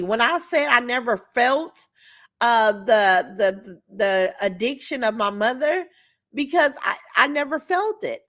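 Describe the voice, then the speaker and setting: A woman hosting a casual livestream, blunt and profane, reading viewer comments aloud and greeting them warmly. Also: fairly high pitch. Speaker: livestream host.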